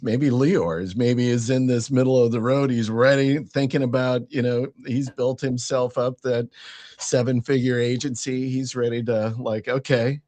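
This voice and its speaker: A man's voice: mid-range voice, darkish tone. A man hosting a casual interview, upbeat and asking playful questions. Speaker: host.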